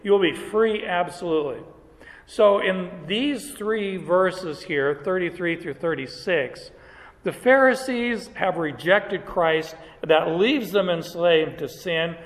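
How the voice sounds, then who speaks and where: High-voiced, slow, emphatic male preacher. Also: big-room sound, rough recording. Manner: emphatic, deliberate verse-by-verse teaching. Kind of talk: expository sermon.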